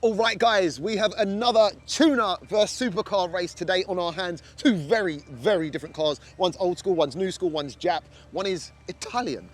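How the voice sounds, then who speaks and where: A man's voice: sits high, moderate pace, hardly any pauses. A man hosting a car channel, delivering hyped narration and chatting casually with guests. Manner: energetic, lively hype delivery.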